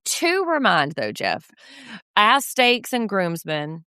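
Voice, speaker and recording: A woman co-hosting a casual pop culture recap podcast, snarky and animated. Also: mid-range voice, takes it slowly, clean tone, dry recording, clean studio sound. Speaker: podcast co-host.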